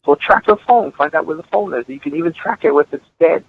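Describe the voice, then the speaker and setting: Over a tinny line with a little background noise, a middle-aged male guest musician speaks quickly in a slightly high voice. He tells stories earnestly and emphatically, repeating words as he builds his point.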